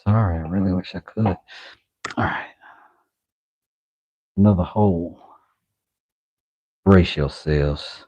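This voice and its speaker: A deep, darkish-toned man speaks slowly with long pauses, chatting playfully to the camera through a face mask while he makes a knife in his workshop. He's a knife maker and channel host, mumbling self-talk as he works in casual vlog commentary. Slight background noise comes through the dull, lo-fi audio.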